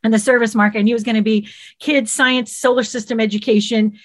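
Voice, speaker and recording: A woman's voice: on the high side, a little fast. A middle-aged woman with a Southern US accent, telling stories in a casual interview and acting out the people she quotes. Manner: lively, animated, acts out quoted voices. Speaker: guest, children's TV creator.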